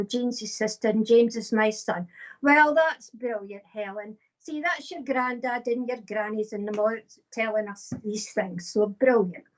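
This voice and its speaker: A woman, a psychic medium giving live readings in a chatty, casual way with many fillers. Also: a little high. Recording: dull lo-fi stream audio.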